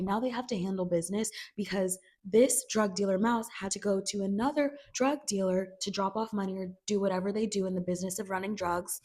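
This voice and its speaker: A woman's voice: mid-range voice, a little mellow. Chatty woman giving a casual recap. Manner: chatty, filler "like", acts out characters' quotes. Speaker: video creator recapping a TV series.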